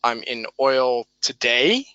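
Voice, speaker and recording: Guy doing a trading webinar, bright punchy voice, dry close mic, chatty and thinking out loud over charts. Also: medium pitch, animated, slow pace, smooth, dry recording, lo-fi sound. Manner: conversational, thinking aloud while flicking through charts; emphatic repetition of key words. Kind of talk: live webinar chart walkthrough.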